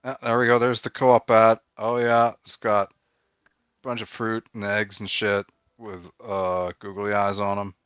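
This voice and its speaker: Low-voiced, dry-humored man on a dull line. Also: little pitch movement, unhurried, fairly bright tone, clear, resonant tone, no echo. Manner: dry, blunt and profane. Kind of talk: casual chat.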